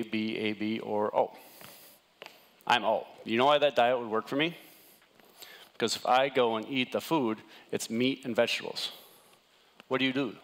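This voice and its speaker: A middle-aged man giving a casual, jokey wellness talk to a live audience, often asking the room "right?". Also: medium pitch.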